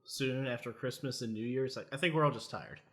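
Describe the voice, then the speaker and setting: A man's voice: medium pitch, brisk, fairly bright tone. A man co-hosting a casual podcast, joking around and laughing between his sentences. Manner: jokey, laughs while talking. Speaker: podcast co-host.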